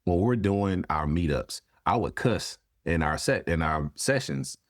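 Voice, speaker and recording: Guest therapist, male, very low voice, dry close sound, candid and profane in casual chat. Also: expressive, a little slow, dry recording. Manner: frank, swears freely, acts out quotes. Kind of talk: casual conversation.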